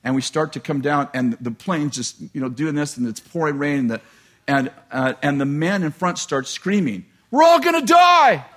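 A male preacher telling a personal story in a sermon, animated and self-deprecating, often laughing at himself. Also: medium pitch, normal speed.

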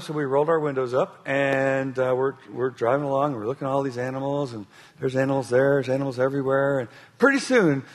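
Husky man preaching a sermon. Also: a little high. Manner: halting restarts, animated storytelling with laughter. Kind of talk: sermon with a told story.

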